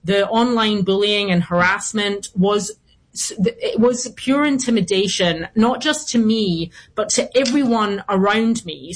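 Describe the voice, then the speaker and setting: A woman gives a long, earnest interview answer in a mid-range voice. She keeps going through small restarts and fillers. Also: medium pitch. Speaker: guest commentator.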